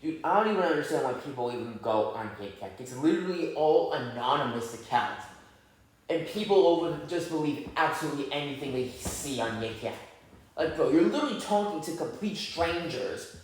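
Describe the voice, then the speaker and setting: A man's voice: a little high, expressive, brisk. A young man hosting a podcast, ranting in a casual, profane way and mocking others in put-on voices. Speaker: podcast host. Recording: echoey room.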